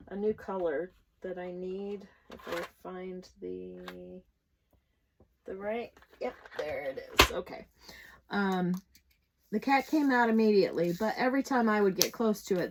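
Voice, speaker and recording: A woman's voice: fairly low pitch, poor audio. A middle-aged woman from the Midwestern United States chatting casually while she works on a craft kit, telling a story in a rambling way with many fillers and restarts. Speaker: crafting vlogger. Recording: noticeable background noise.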